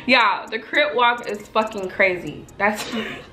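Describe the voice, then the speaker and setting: A young woman reacting to a reality show trailer in a casual vlog, loud and profane, laughing and talking straight to her viewers. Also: a little high, takes it slowly, roomy sound, slight background noise.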